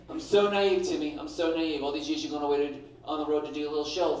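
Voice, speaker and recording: This middle-aged comedian works a comedy club audience with a brash, punchy set, dropping into impressions now and then. He talks fast with few pauses, in a slightly high, darkish voice and a flat delivery. The room echoes, and he's picked up from a distance.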